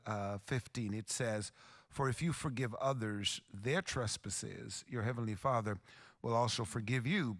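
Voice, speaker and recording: A man's voice: mid-range voice, fairly bright tone. Earnest guy hosting a faith podcast, mid voice, talks about scripture. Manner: earnest, quotes scripture, affirming. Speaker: podcast host. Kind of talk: faith-based conversation.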